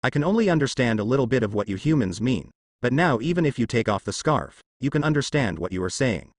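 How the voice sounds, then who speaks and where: A man's voice: medium pitch, big pitch swings, fast, no echo, clean studio sound. A man reading as a silly talking dog. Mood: earnest.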